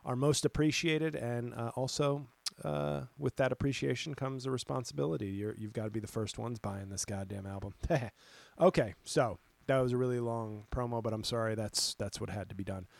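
A comedian hosting his own podcast rants through a casual monologue in a creaky, mid-range male voice on a dry recording. He is animated and sarcastic, swears freely, and talks back to critics.

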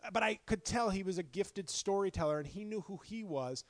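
A middle-aged male comedian with a hoarse, worn voice, talking in a profane, passionate solo podcast rant full of restarts. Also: sits high, a little fast, no echo. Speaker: stand-up comedian and podcast host. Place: apartment.

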